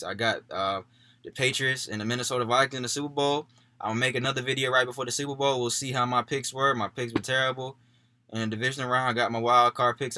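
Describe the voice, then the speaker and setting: A young man talking football picks to his viewers in a casual, easygoing way, tacking "man" onto nearly every thought. His voice sits at an average pitch with a bright, forward edge. The recording is close and dry, with no room sound. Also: dry recording. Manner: laid-back, peppers sentences with "man"; gets worked up and louder about his picks. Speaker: sports YouTuber.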